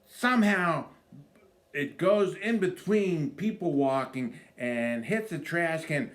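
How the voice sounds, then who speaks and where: A man, a comedian, telling an animated comic story to camera and acting out voices. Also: fairly high pitch, slow pace. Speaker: stand-up comedian.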